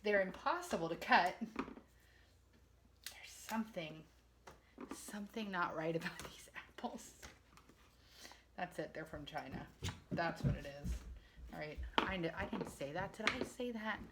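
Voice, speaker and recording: A woman's voice: fairly low pitch, measured pace, pauses often, heavy background noise. A woman in her forties, chatting casually and poking fun at herself as she talks to viewers while cooking in her home kitchen. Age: 40s.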